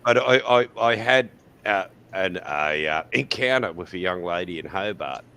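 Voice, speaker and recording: A man's voice: deep voice, expressive, normal speed, sharp tone, clean tone. A man in his sixties with an Australian accent, hosting a casual panel chat and telling bawdy anecdotes with frequent laughs.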